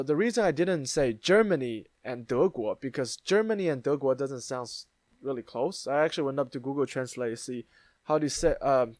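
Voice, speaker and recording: A man's voice: medium pitch, darkish tone, dry recording. Chatty man explaining memes, dry sound. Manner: chatty explainer, frequent fillers and restarts. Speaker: YouTube host. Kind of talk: casual meme commentary.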